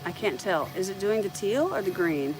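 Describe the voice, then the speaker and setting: A woman's voice: medium pitch, animated, moderate pace, noisy background. A middle-aged woman from the United States with a light Southern accent, chatting casually on a live stream about her printer and thinking aloud as she goes. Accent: light American Southern.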